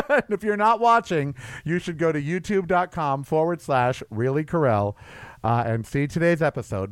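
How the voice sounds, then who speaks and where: A man's voice: medium pitch, dry recording. A man in his sixties hosting a casual solo podcast, chatty and campy, laughing at his own stories. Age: 60s. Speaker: podcast host.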